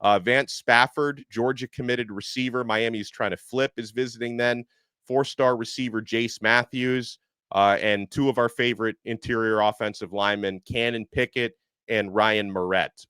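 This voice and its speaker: A man hosting a casual sports podcast, talking in a chatty, animated way with plenty of fillers. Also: fairly low pitch, smooth, no echo. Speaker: podcast host. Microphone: headset earpiece.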